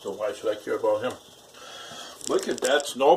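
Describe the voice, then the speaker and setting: A man talks to viewers in a casual cooking vlog at home, rambling crudely and swearing plenty. His mid-range voice is animated and a little mellow at a normal speed, picked up by a distant mic with faint background noise.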